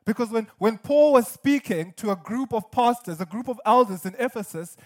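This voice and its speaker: High-voiced man preaching a sermon. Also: animated, normal speed. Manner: earnest, emphatic preaching with repetition and light humor. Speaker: pastor.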